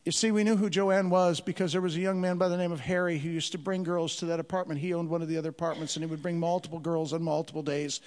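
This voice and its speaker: A high-pitched man speaks as a missionary, telling his story with earnest conviction and stumbling repeats. His voice rings through a large hall with long reverb, as if addressing a gathered crowd. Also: little pitch movement, quick pace, hardly any pauses, a little mellow. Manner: earnest, repeats words when stressing a point. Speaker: Christian missionary. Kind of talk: storytelling testimony to an audience.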